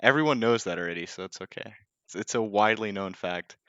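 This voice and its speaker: A man's voice: lowish voice, fast, bright, forceful tone, dry recording, dull audio. A young man casting a live game, casual and joking, often self-deprecating and full of fillers. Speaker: esports caster.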